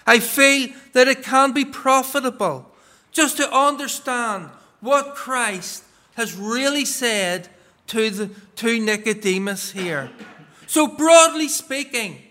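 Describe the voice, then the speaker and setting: A man preaching a sermon in a strikingly high, bright voice. He speaks slowly and deliberately, stressing key words as he reads scripture passages aloud and explains them. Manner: measured, emphatic delivery that stresses key words.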